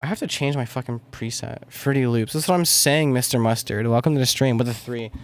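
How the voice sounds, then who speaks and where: A man's voice: mid-range voice, brisk, a little hiss or hum. Mumbly young man streaming music production. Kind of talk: casual livestream chat while making music.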